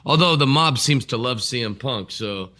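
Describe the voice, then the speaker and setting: A man's voice: medium pitch, lively intonation, normal speed, sharp tone. A man co-hosting a podcast, chatting casually and enthusiastically about wrestling.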